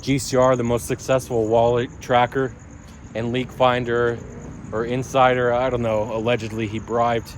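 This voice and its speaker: A man's voice: medium pitch, level tone, normal speed, a little hiss or hum. A man vlogging about crypto and his day in a loose, digressive monologue full of restarts and asides. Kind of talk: casual rambling monologue.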